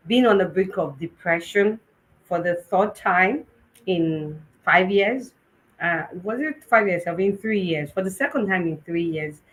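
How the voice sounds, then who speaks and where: A woman's voice: medium pitch, fairly bright tone, low-quality recording. A young Nigerian woman hosting a live conference talk, telling a personal story with laughs and Yoruba phrases mixed in. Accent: Nigerian, Yoruba-influenced. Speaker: host.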